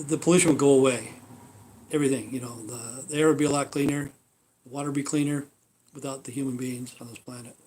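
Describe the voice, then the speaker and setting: A man's voice: mid-range voice, darkish tone. Blunt, profane man ranting casually. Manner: profane, blunt, repetitive fillers. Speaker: livestream host. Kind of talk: rambling casual rant.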